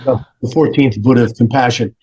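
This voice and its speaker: A man's voice: mid-range voice, fairly even intonation, fairly quick, mellow, slightly rough. A man from Canada, a podcast guest, telling an anecdote with hesitant restarts and acted-out dialogue. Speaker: guest storyteller.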